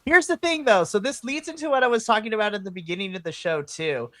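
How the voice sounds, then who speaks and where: Bright, excitable wrestling podcast co-host. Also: mid-range voice, fast talker, no room sound. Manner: excitable, laughs often, swears freely. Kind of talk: casual wrestling chat.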